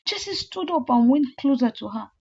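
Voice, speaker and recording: A woman with a high voice recounts a movie plot in a loose, repetitive chatty way. Her recording sounds slightly muffled and lo-fi. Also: animated, normal speed, a little mellow, husky. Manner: breathless, repetitive "then she was like" retelling. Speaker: movie recap storyteller. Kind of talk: casual plot retelling.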